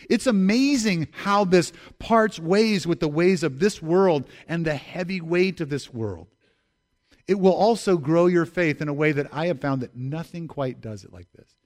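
Preaching with emphasis, a pastor whose male voice is a little high drives home key phrases by repeating them and speaks straight to the congregation.

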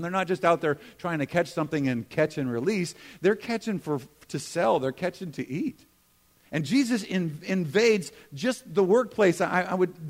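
Conversational preaching man, raised pitch. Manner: conversational, self-deprecating asides, swings from emphatic to hushed. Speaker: pastor. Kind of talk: sermon.

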